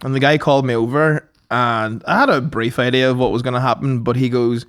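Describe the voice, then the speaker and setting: A man's voice: medium pitch, steady tone, a little fast, fairly bright tone, clear, resonant tone. A young Irish man telling crude, laughing anecdotes as a podcast co-host in casual comedy chat. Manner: crude storytelling with put-on voices.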